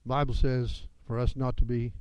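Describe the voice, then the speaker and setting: A man's voice: medium pitch, little pitch movement, normal speed, a little mellow, smooth, no room sound, poor audio. A man preaching a sermon as pastor, with emphatic delivery that rises and falls.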